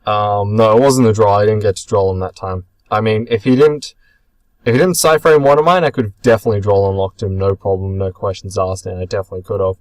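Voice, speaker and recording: A young man with a fairly low voice talks through footage of his card game match in a loose, chatty way. He rambles, says um a lot and stops to correct himself. The sound is dry and close, with hardly any room around it. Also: steady tone, quick pace, no echo, low-quality recording. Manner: chatty, rambling, self-correcting with many ums. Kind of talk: casual commentary over match footage.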